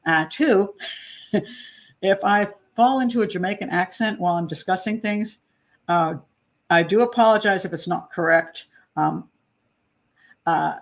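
A woman hosting a casual true crime commentary, talking in a chatty, digressive way, frank and opinionated, often laughing. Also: mid-range voice.

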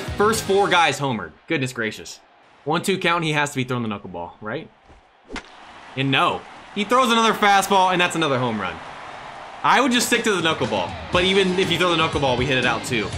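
A man casually narrating his mobile baseball game, talking to viewers and cheering loudly at big plays. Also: on the high side. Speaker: gaming channel host.

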